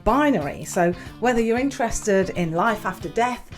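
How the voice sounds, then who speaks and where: Lively woman podcast co-host. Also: medium pitch, normal speed, soft background music. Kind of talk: scripted podcast intro and casual chat.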